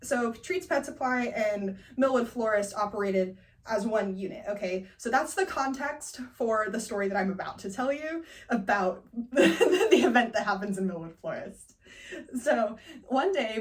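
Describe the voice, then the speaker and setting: A young woman from Northern California telling a funny personal story, animated and laughing often as she acts out the people in it. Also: on the high side, far from the mic. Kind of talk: personal storytelling, class assignment.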